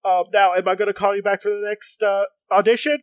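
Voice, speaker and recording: A man's voice: high-pitched, little pitch movement, fast, no room sound. A man co-hosting a casual chat, hesitant with many fillers and restarts.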